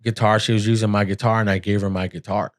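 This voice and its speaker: A man's voice: lowish voice, flat delivery, fast. A middle-aged man hosting a podcast, telling his own story in a candid, earnest, blunt and emotional way. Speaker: podcast host.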